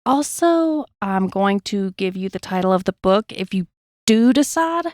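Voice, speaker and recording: A woman's voice: medium pitch, expressive, a little slow, darkish tone, dry recording. Woman host doing true crime narration, mid voice, dry close mic. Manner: reads aloud with blunt personal asides. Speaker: podcast host.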